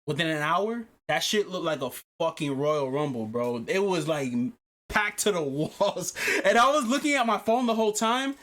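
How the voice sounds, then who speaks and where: A man on a casual podcast tells a long story with animated energy, swearing freely and laughing as he goes. His voice sits a little higher than usual for a man. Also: moderate pace. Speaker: podcast host.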